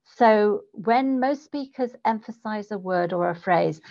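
A woman who coaches public speakers, talking in an interview and changing her pitch and volume to demonstrate delivery. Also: measured pace, creaky, a little mellow. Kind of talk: conversational interview. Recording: dull lo-fi podcast audio.

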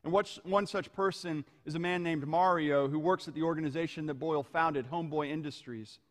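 Measured preacher in a reverberant hall. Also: male voice, a little high, steady tone. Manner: measured, storytelling, slowing on key phrases. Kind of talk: sermon.

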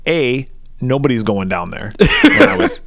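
A man in his thirties co-hosts a podcast with crude, profane banter, often breaking into laughter as he rambles through a movie recap. His pitch swings widely. The sound is dry and close to the mic. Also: wildly swooping pitch, moderate pace, fairly bright tone, no room sound. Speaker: podcast co-host.

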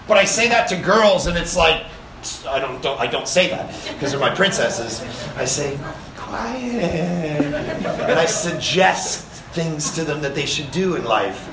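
Energetic high-voiced man preaching in an echoey hall. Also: recorded from a distance, slight background noise. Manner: energetic, conversational preaching with rhetorical questions. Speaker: pastor. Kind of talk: sermon. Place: summer camp meeting hall. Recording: echoey room, speaker off-mic.

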